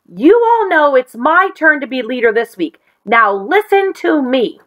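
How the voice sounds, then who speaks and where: A woman's voice: sits high, big pitch swings, a little slow, pitched above the performer's own voice, heavily acted. A woman voicing a bossy, gloating male weasel who leads his gang in a storybook reading. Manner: gloating, yelling.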